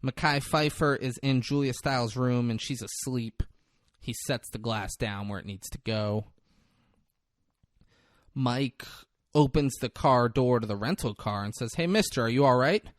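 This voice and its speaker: A man retells a film scene by scene for his podcast co-host, jumping into the characters' lines with loud, animated delivery. His voice sits in a middle register. The sound is dry and close, with little room echo. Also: medium pitch, unhurried. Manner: animated, swears, acts out movie lines in big voices. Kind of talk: casual movie recap chat.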